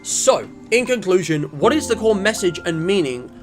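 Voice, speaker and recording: A man delivering scripted video-essay narration in a measured, analytical way. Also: sits high, sing-song, music in the background.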